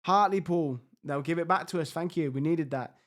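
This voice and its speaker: A man reacting out loud as he plays a football management game, exasperated and excitable, talking to his players. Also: a little high, moderate pace. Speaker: gaming YouTuber.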